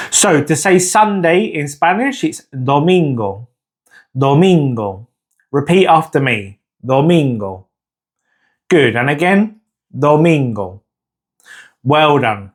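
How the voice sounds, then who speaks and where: A man teaching a beginner Spanish lesson, speaking slowly and patiently and pausing so the listener can repeat after him, with frequent encouragement. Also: a little high. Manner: slow, patient, repeats words for the listener to echo.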